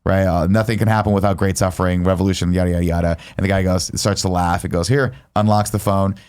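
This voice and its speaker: A man's voice: low-pitched, level tone, fast talker, darkish tone, clean tone. A man in his thirties casually recapping a movie as a podcast host, acting out quoted lines with swearing. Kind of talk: casual movie review chat.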